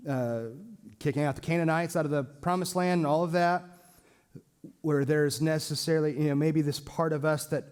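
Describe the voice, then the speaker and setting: Higher-pitched man teaching a Bible class. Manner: lively, joking, acts out quoted speech. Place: church classroom with a small group.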